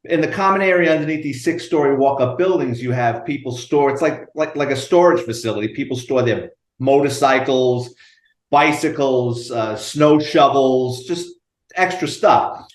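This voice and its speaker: Animated New storyteller, echoey room. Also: male voice, mid-range voice, normal speed. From United States. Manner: animated, profane storyteller acting out dialogue. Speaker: retired police detective guest. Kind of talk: storytelling interview.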